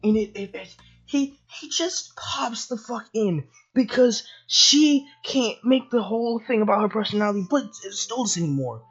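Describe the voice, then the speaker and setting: A woman ranting in a video review. She is profane and exasperated and often breaks into shouts. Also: fairly high pitch, slightly rough, muffled recording. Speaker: video commentator. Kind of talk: angry review rant.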